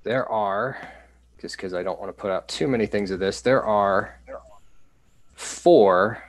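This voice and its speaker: A man's voice: fairly low pitch, a little slow. A man narrating as game master of a tabletop game, a little hesitant. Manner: hesitant, with many fillers and restarts.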